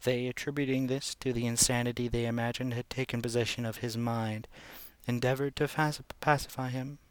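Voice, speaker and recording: Male narrator for a classic tale; steady, measured read, small slips kept in, dry close sound. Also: medium pitch, clear, resonant tone, no room sound. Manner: measured reading with occasional slips and restarts. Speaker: audiobook reader. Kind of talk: reading classic fiction aloud.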